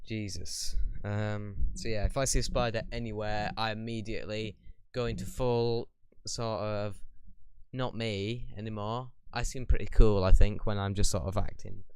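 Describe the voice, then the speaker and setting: A man's voice: on the low side, fairly even intonation, moderate pace, smooth, no echo. A young man in a casual question-and-answer vlog, talking bluntly in a rambling, opinionated way. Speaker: YouTuber.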